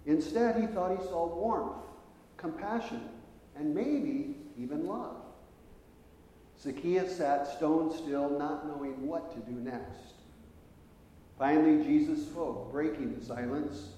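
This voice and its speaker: Male preacher, conversational sermon storytelling, slightly high, mellow voice, echoey hall. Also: unhurried, a little hiss or hum. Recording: echoey hall with long reverb.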